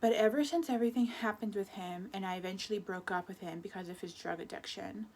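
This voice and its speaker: A woman's voice: medium pitch, fast talker, darkish tone. A woman in her twenties speaks in a personal confessional vlog. She rambles and restarts her sentences often. Her delivery is emotional throughout. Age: 20s. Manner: rambling, self-correcting, emotional. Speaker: vlogger.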